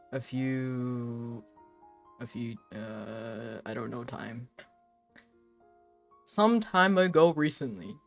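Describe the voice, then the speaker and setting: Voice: medium pitch, no room sound. A young adult live streamer chatting casually while drawing, rambling with lots of filler words, frequent laughs and swearing.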